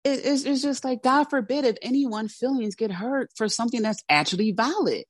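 A woman's voice: on the high side, brisk, no echo, studio quality. A woman hosting a motivational podcast who coaches listeners in a direct, candid, conversational way. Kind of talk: motivational solo talk.

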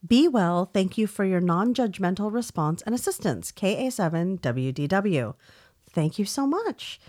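A woman's voice: mid-range voice, animated, measured pace, darkish tone. A woman co-hosting a podcast, reading listener emails aloud and teasing her co-host with frequent laughs. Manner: giggly, teasing.

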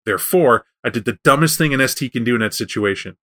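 A man hosting a casual chat about tabletop role-playing games, telling stories in a rambling, animated way with frequent restarts. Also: medium pitch, quick pace.

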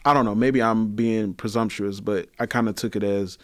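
Relaxed, slangy male storyteller, low-pitched, dry close mic. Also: moderate pace, no room sound. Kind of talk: casual chat.

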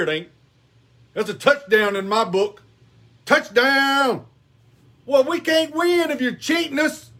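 A man's voice: very high-pitched, fairly bright tone. A man hosting a call-in show, arguing hotly with a caller, repeating himself and cussing. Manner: exasperated, repeats himself, cusses. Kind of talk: heated call-in argument.

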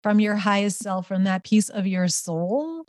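A middle-aged woman, a guest author and healer, talking in an animated, emphatic way in a conversational interview. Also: mid-range voice, a little slow, no room sound, studio quality. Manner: animated, emphatic storytelling with gasps and laughs.

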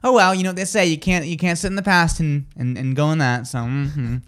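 A man's voice: on the high side, steady tone, a little fast, a bit bright. A man co-hosting a live radio talk show, telling stories in a rambling, chatty way full of fillers and restarts. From New Jersey. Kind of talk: casual chat.

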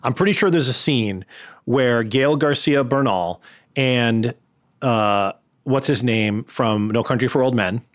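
A man's voice: medium pitch, unhurried. A man co-hosting a casual film chat, joking and arguing playfully with his co-host. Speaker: podcast co-host. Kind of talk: casual chat about films.

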